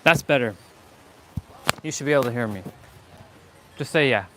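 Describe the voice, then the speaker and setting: A man's voice: medium pitch, moderate pace, noisy background. A man hosting a casual motivational livestream on a clip-on mic, talking energetically and repeating himself for emphasis, with casual swearing. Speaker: fitness livestream host. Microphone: small clip-on mic.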